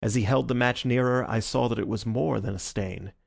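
A man narrating an audiobook in a steady, even reading style. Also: medium pitch, a little fast, gravelly, dry recording, studio quality.

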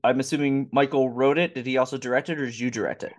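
A man's voice: medium pitch, fairly even intonation, quick pace. A man hosting a casual podcast interview, asking friendly questions. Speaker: podcast host.

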